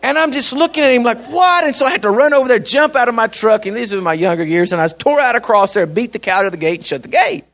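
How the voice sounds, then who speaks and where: Middle-aged pastor, high-pitched, folksy and emphatic preaching. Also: male voice, lively intonation, fast talker, hardly any pauses, fairly bright tone. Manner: folksy, emphatic, repeats words. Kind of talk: sermon with storytelling.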